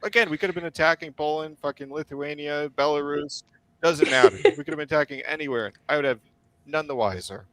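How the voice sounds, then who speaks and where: A man, a volunteer soldier, telling war stories in a blunt, profane, wryly dark-humored way on a casual stream. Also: fairly high pitch, fairly quick, no room sound. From United States. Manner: profane, blunt, heavy swearing. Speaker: guest, foreign volunteer soldier.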